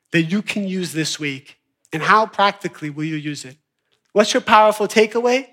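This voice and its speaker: A man with a high-pitched voice teaches an evening class. He is animated, dropping to quiet mutters and then rising to loud, excited bursts as he acts out everyday scenes. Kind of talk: lively class lecture with acted-out examples.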